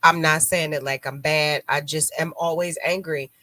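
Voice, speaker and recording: A woman's voice: low voice, steady tone, moderate pace, sharp tone, dry recording. A woman hosting a live radio talk show, chatting bluntly and animatedly, acting out quotes as she tells stories. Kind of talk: casual chat.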